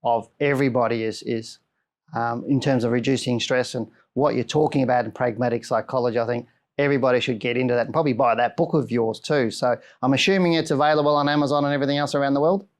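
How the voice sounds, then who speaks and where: A man's voice: mid-range voice, steady tone, fast. A man with an Australian accent hosting an interview, politely checking his understanding and dropping frequent "mm" backchannels. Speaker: podcast host. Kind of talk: interview conversation.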